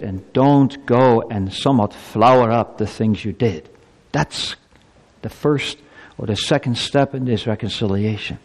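A man preaching a sermon to his congregation. He builds to emphatic peaks, then drops low and slow. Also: a little mellow, in a large hall. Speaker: pastor.

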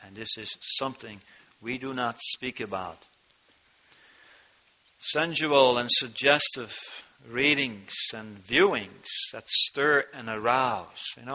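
A man preaching an earnest sermon, his voice rising in pitch and force when he reads from scripture. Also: bright, forceful tone, muffled recording. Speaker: pastor.

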